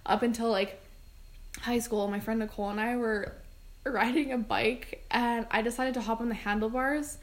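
A woman's voice: fairly high pitch, steady tone, moderate pace. A young woman, a podcast co-host, telling casual stories in a rambling way, laughing often and filling her talk with "like". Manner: rambling, laughing, many fillers. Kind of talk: casual storytelling.

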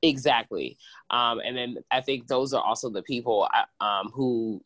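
Co-host, mid-pitched, calm explainer, filler-heavy. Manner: measured and explanatory, with frequent um and like. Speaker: podcast co-host. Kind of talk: casual film discussion chat.

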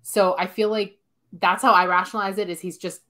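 A woman's voice: medium pitch, fairly even intonation, a little fast, fairly bright tone. A woman in a casual podcast chat, earnestly thinking aloud with many fillers.

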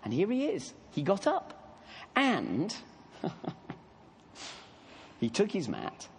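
A man preaching a sermon, telling the story in an animated, conversational way with asides to the congregation. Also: high voice, slow pace, in a large hall, a little hiss or hum.

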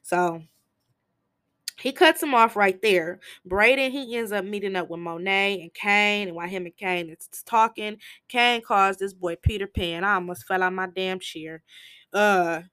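Woman host, casual show recap, lively slangy storyteller, bright tone. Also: medium pitch, measured pace, smooth, no room sound. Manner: animated storytelling with slangy asides. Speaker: TV episode recapper.

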